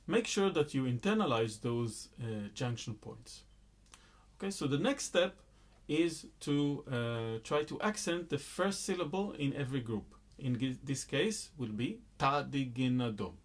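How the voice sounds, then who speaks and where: A man's voice: mid-range voice, animated, unhurried, very noisy. A man teaching a rhythm lesson, explaining patiently and chanting counts and rhythm syllables aloud. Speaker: music teacher.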